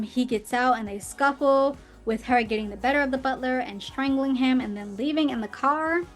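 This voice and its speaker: A young woman hosting a podcast, casually retelling a film's plot with fillers and little acted quotes. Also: high voice. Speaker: podcast host. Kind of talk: casual movie recap.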